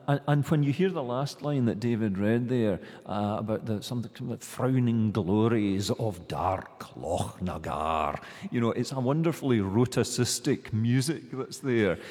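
A man speaking as a guest scholar in a discussion, thoughtful and halting, with frequent restarts. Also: medium pitch, darkish tone, big-room sound.

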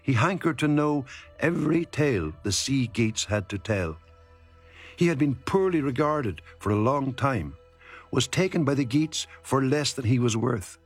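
Male narrator, mid-pitched and steady, epic verse read over faint music. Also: slightly rough.

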